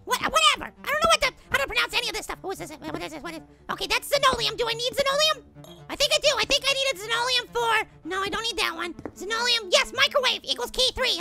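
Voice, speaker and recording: A man's voice: vocal fry, full character voice. A man voicing a tiny, jittery and whiny male apple, chattering frantically and flustered through cartoon game commentary. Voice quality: squeaky, sped-up cartoon voice. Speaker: gaming host. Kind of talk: cartoon let's play commentary.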